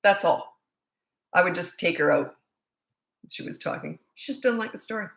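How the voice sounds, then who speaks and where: A middle-aged parenting coach with a lowish, creaky, slightly bright voice speaks at normal speed, animated. Answering questions in a casual Q&A monologue with a roomy echo, she's blunt and joking and rambles with asides.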